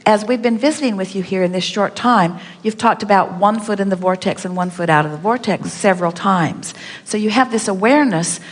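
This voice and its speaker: A woman's voice: medium pitch, fairly quick. A woman giving an inspirational seminar talk, speaking as "we" and repeating her points with emphasis. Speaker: speaker answering audience questions. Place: large hall with audience. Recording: long hall reverb.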